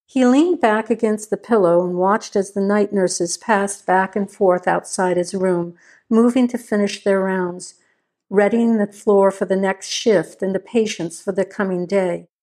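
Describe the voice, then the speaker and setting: A woman's voice: mid-range voice, a little slow, darkish tone. Woman narrating a thriller story. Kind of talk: scripted narration.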